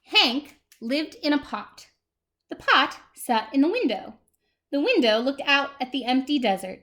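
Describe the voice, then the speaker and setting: A woman's voice: high-pitched, unhurried. A woman librarian reading a picture book aloud to preschool children, asking them questions as she goes. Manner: animated, talks to small children.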